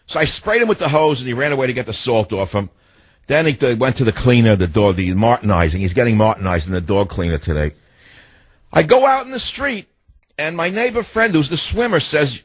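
Speaking a little fast in a mid-range, slightly rough voice, a male talk radio host rants and tells energetic stories, acting out what people said. The studio microphone recording is dry.

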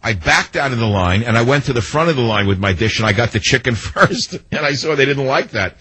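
A man's voice: mid-range voice, expressive, brisk, pushed and bright, breathy edge, no room sound, rough recording. A man hosting a talk radio show, telling sarcastic stories and mimicking the people in them. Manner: sarcastic, storytelling with mimicked quotes. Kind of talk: monologue to listeners.

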